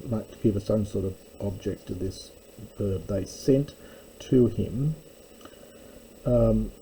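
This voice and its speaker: Man slowly explaining greek word by word, lots of ums, dark mellow tone. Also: on the low side, a little hiss or hum, poor audio. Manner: deliberate, explains word by word with fillers. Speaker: Greek teacher. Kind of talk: slow verse-by-verse Greek lesson.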